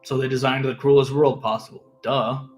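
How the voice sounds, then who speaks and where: A man's voice: mid-range voice, fairly even intonation, a little fast. A man ranting in a casual, sarcastic, profane monologue as an online commentator. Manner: sarcastic, profane, swings between loud and mumbled. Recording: echoey room, faint music.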